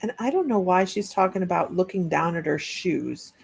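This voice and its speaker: A woman's voice: fairly low pitch, lively intonation, moderate pace, creaky, breathy edge. A woman working as a psychic medium, giving a chatty live-streamed reading and relaying messages with frequent restarts.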